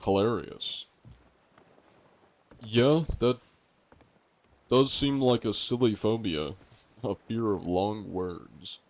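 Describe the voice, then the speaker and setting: A young adult man streaming a game live, chatting casually with viewers in a relaxed, rambling way full of fillers. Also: fairly low pitch, takes it slowly, pauses often, muffled recording. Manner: relaxed and rambling, lots of "like" and fillers, joking with chat. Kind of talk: casual live-stream chat while gaming.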